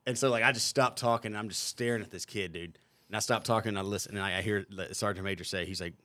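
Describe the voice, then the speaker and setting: A man co-hosting a podcast, telling animated, profane stories from his service days. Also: fairly low pitch, rapid-fire, no room sound. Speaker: podcast co-host, veteran. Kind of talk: casual storytelling.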